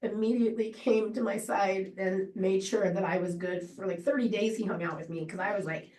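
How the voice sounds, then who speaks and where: A woman giving an unscripted memorial tribute to a friend, halting and rambling with many fillers and restarts. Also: mid-range voice, steady tone, a little mellow. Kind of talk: emotional unscripted memorial speech. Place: memorial gathering room. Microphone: distant laptop or room mic on a video call. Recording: roomy, distant video-call audio.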